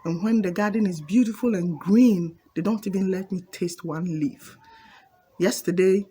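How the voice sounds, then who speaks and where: A woman voicing a mistreated goat in a spoken fable, drawn-out and plaintive. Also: fairly low pitch, dark tone, slight background noise, lightly acted.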